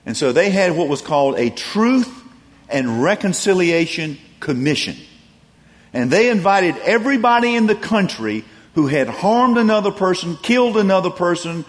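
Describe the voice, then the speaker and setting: Preacher with a long hall echo. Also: male voice, sing-song, moderate pace. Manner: storytelling, rising to emphatic peaks then dropping soft and low. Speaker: pastor. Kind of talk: sermon.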